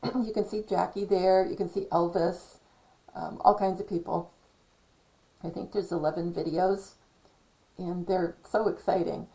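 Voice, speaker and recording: Middle-aged woman rambling slow, lots of ums and restarts, gravelly bit hoarse voice, kinda dark tone. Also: lowish voice, steady tone, low-quality recording. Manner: hesitant, full of ums and self-corrections. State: losing her voice, clearing throat. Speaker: channel host. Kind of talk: rambling casual monologue.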